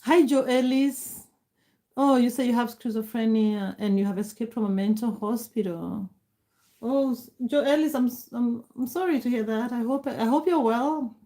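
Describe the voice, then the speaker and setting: Middle-aged woman, livestream host, friendly, chatty, slightly higher voice, laughs easily. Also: normal speed. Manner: warm, greets viewers by name, laughs often. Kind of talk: casual livestream chat reading comments.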